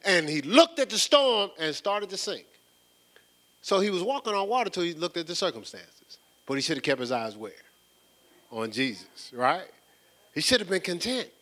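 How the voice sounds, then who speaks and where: Male preacher, bright forceful tone, casual slangy Bible teacher who gets fired up. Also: sits high, normal speed. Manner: animated, repeats words, builds in excitement; casual, slangy street-style phrasing. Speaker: preacher leading a Bible study. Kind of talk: conversational sermon.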